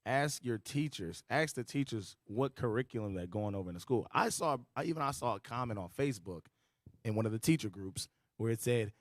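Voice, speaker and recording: A man with a Southern US accent tells a story in a loose group talk, his pitch swinging widely. His voice is heard close and dry. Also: brisk, no echo. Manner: storytelling, animated. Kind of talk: casual group discussion.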